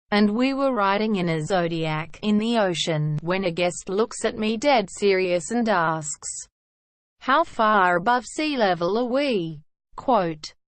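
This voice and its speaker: A woman reading online stories aloud in an even, steady narration, saying "quote" and hashtags as she reads them. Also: medium pitch, dry recording.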